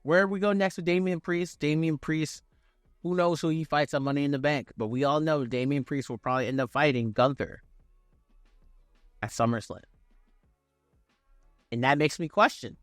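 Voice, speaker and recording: Slangy, excitable man reviewing wrestling. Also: fairly high pitch, normal speed, pauses often, no room sound, clean studio sound, soft background music. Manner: animated, profane, slangy. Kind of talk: casual video review.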